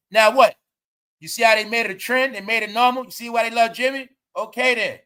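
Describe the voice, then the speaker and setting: A man hosting an online commentary show, ranting loudly and mockingly, full of slang and swearing. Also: extremely high pitch, fairly quick, clean tone.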